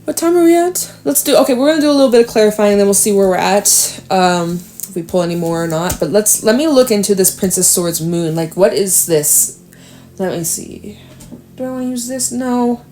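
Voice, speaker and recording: A young woman doing a casual tarot reading, chatty and thinking out loud with sudden exclamations. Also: mid-range voice, expressive, fairly quick, slight background noise. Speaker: tarot reader.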